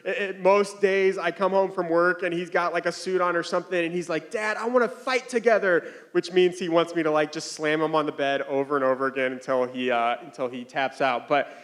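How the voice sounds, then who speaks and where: A man in his thirties preaches with a light, high-pitched voice. His delivery is loose and chatty, full of fillers and small laughs, like a pastor telling a story from home. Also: flat delivery, fairly quick, few pauses, a bit bright. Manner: casual, conversational, with frequent fillers and chuckles. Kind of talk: sermon with personal story.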